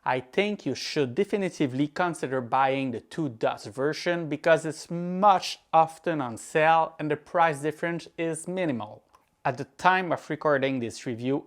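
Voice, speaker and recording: This Quebecer, whose native tongue is French, reads a scripted tech review in accented English at a calm, explanatory pace. His pitch is fairly high.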